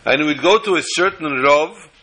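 A man recounts a story in the manner of a sermon, with an expressive, dramatic delivery. His voice is very bright and sits somewhat high for a man. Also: moderate pace, rough recording.

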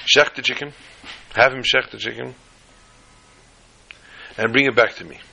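A man playing a wise, stern old rabbi who speaks slowly and with emphasis, repeating his words. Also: mid-range voice, steady tone, vocal fry, pushed and bright, slight background noise, rough recording. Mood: instructive.

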